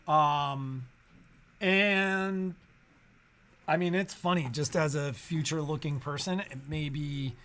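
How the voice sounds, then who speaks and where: A man's voice: mid-range voice, pushed and bright, a little hiss or hum. A man co-hosting a sewing shop update, musing thoughtfully with many fillers and restarts.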